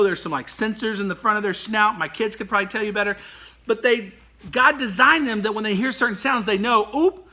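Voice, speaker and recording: A man leading an online children's worship lesson in an animated, playful way that keeps breaking into laughter. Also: high-pitched.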